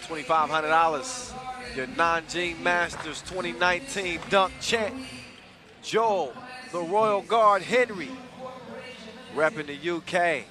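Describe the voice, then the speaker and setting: A male sports commentator with a fairly high, slow voice recaps a dunk contest and previews the final, hyped and playful with casual slang. Music plays in the background of this event commentary.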